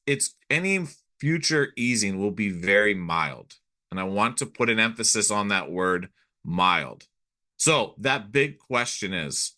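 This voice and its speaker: A man, an economist and speaker, giving a scripted business briefing, measured and putting emphasis on key phrases. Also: lowish voice, sharp tone.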